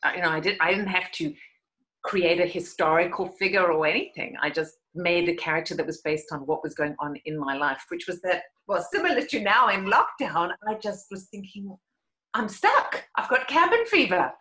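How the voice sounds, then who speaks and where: A woman's voice: lowish voice, fairly quick, poor audio. A middle-aged woman with a South African accent, telling stories animatedly as an interview guest. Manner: animated storytelling, laughs often. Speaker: guest, actress and cabaret artist. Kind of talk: conversational interview.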